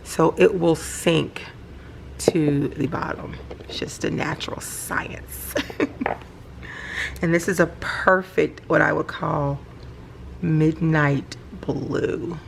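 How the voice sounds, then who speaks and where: A middle-aged woman, chatting casually about her hobby at home at night and gushing with excitement. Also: deep voice, slow pace, creaky, a little hiss or hum. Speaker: planner vlogger. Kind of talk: casual show-and-tell vlog.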